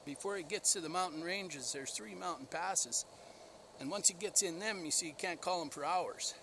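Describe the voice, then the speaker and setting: A man's voice: high-pitched, moderate pace, noisy background. A man, a dog breeder, telling a rambling, enthusiastic story outdoors and laughing at himself. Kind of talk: casual storytelling vlog.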